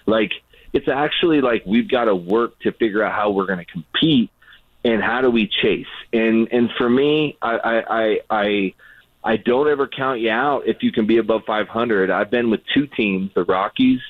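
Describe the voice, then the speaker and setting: A man who is a former pitcher, chatting as a radio guest and telling a story with lively acted-out voices. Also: normal speed, dry recording. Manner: animated storyteller, acts out voices. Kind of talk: casual radio chat. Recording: tinny phone line.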